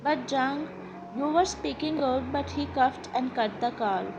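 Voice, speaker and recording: High-voiced woman reading a story. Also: normal speed, gravelly, dull audio, noisy background. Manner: steady second-person narration. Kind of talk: reading fan fiction aloud. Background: background music.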